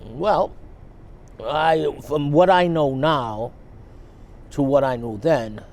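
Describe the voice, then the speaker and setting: Gravelly guy with a mellow voice, halting and reflective, interviewed for a documentary. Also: a little high. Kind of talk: recounting events in an interview.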